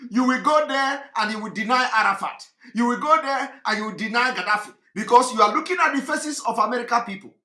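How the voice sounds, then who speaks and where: Loud, bright-voiced man ranting. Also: very high voice, fast, few pauses, reverberant. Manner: shouting, mocking, repetitive. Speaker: commentator. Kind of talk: impassioned monologue.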